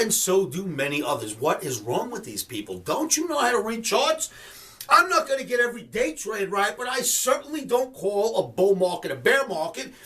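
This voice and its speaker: Fired-up high-voiced man ranting about markets. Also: expressive, normal speed, a bit bright, far from the mic. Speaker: trading educator and show host. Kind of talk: market commentary webcast.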